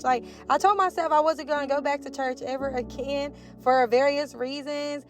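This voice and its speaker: A young woman talks straight to her viewers in a chatty, heartfelt way. Her voice sits high, and music plays under her. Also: steady tone, normal speed, hardly any pauses. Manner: chatty, emotional, addresses viewers as y'all. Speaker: vlogger. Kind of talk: casual chat. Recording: music playing behind.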